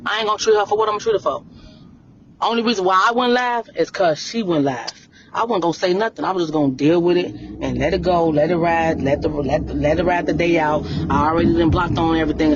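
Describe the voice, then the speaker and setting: A woman's voice: lowish voice, brisk, lo-fi sound, background noise. A woman venting on a livestream, blunt and confrontational, repeating her points again and again. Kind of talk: heated livestream rant.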